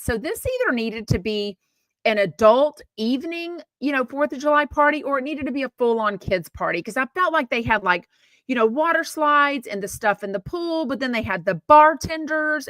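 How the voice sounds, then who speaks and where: A woman's voice: sits high, animated, normal speed, fairly bright tone, no room sound. A woman from Texas, hosting a podcast in a blunt, chatty, opinionated way with casual swearing. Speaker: podcast host. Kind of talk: casual gossip commentary.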